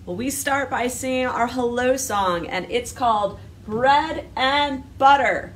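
Brief: young female librarian, cheerful sing-song storytime voice, slow and high, distant mic. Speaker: children's librarian. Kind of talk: children's storytime with a hello song. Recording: distant mic with background noise.

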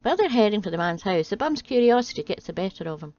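A woman reading a string of jokes aloud in a steady, deadpan way. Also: medium pitch, fast talker. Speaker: channel host reading jokes. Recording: dry, slightly dull home audio.

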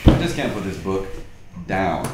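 A woman's voice: rumbling low, sing-song, moderate pace, roomy sound, very noisy. A woman playing a distracted assistant in a comedy sketch, absent-minded and more interested in her book.

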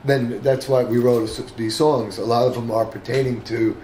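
A bass player and singer, from the Bronx, talking casually in an oral-history interview with many fillers and restarts. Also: male voice, fairly even intonation, normal speed, mellow. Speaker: bassist and singer. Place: room with other band members. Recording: roomy echo with clear background noise.

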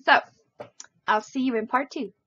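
A woman's voice: high voice, moderate pace, pushed and bright, dry recording, muffled recording. A woman teaching a crafting tutorial in a chatty, enthusiastic way, with many fillers. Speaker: crafting instructor.

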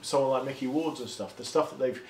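A man hosting an interview, asking halting questions full of "sort of" and "you know". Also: mid-range voice. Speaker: interviewer, host. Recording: roomy echo, faint background noise.

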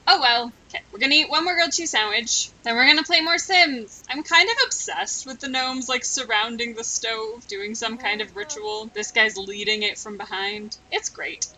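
A woman's voice: on the high side, big pitch swings, normal speed, hardly any pauses, bright, forceful tone, slight background noise, low-quality recording. A woman giving casual, chatty gameplay commentary, playfully melodramatic as she goes. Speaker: let's play gamer.

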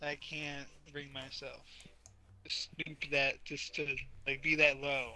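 Bright, profane young man ranting. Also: medium pitch, level tone, slow pace, low-quality recording. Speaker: gamer. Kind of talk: casual banter while gaming.

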